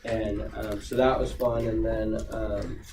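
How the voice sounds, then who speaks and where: A man's voice: lowish voice, flat delivery, slow pace, dark tone. Rambling man in an echoey room. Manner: rambling, with many fillers and restarts. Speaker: guest speaker. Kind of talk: casual talk to students. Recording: echoey room, far from the mic, noisy.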